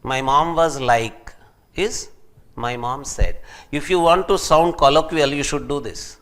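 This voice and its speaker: A middle-aged man giving an academic lecture, animated, acting out the people he quotes. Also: fairly high pitch, measured pace. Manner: animated, acts out quoted speakers.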